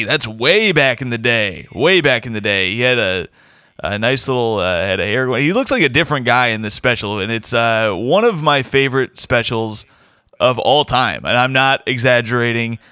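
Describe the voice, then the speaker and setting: A man's voice: medium pitch, lively intonation, normal speed, bright, forceful tone, dry recording. A man hosting a podcast, chatting casually and enthusiastically, rambling with fillers. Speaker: podcast host. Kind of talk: casual chat.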